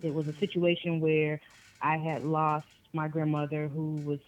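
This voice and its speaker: A woman's voice: low voice, moderate pace, low-quality recording. A woman from Boston, an author being interviewed, talking casually and animatedly in bursts. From Boston, Massachusetts. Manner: animated, laughs often, talks in bursts. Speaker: author guest.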